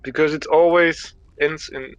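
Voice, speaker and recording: A man's voice: fairly high pitch, steady tone, unhurried, dry recording, muffled recording. A man from Germany, chatting loosely and at length while streaming a game, swearing now and then. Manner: rambling, loose and talkative, swears casually.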